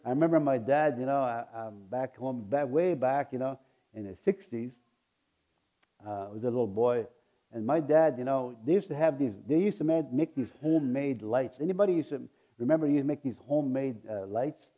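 A man's voice: medium pitch, moderate pace, muffled recording. A man in his sixties preaching a sermon, telling homey stories with frequent chuckles and calling on the congregation to repeat after him. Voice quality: chuckling, folksy storytelling with a call-and-response manner. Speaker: pastor.

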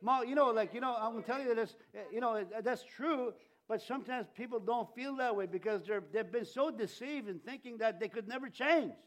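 A middle-aged male pastor giving a conversational Easter sermon, animated with jokey asides and audience questions. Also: extremely high pitch, brisk, hardly any pauses.

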